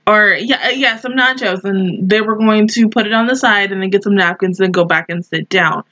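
A young woman in her twenties hosting an anime reaction, telling stories in a casual, animated way that keeps breaking into laughter. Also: mid-range voice, normal speed. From Southern United States. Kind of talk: casual review chat. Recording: dull lo-fi mic sound.

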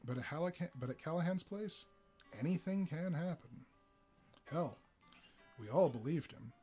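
A man reading a story aloud live, in an unhurried storytelling manner with frequent fillers. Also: fairly high pitch, expressive, darkish tone, breathy edge, soft background music. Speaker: narrator.

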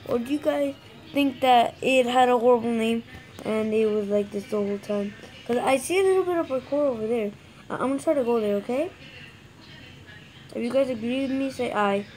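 A woman casually commenting on her own gameplay, excitable, swearing and yelling when frustrated. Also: fairly high pitch, a little fast, soft background music. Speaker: gamer narrating own play.

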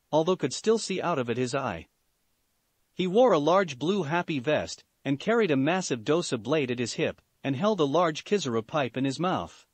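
Brief: male story reader, fairly high and lively pitch, steady fan fiction narration. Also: no echo.

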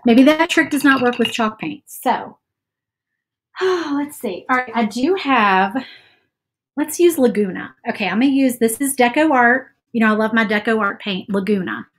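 A woman's voice: a little high, lively intonation, normal speed. A woman chatting casually while she paints on a livestream, self-doubting and saying "y'all" often. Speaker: craft livestream host.

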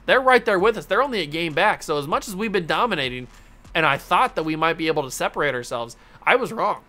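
Young man, casual video game commentary, excitable, chatty, bright tone. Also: high-pitched. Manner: excitable, talks to the players on screen, laughs often. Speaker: gaming YouTuber.

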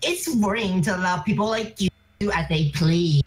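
A man's voice: high-pitched, normal speed, faint music behind, close to an everyday voice. A man voicing a haughty, menacing male demon while reading game dialogue aloud. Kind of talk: fan voice-over of game dialogue.

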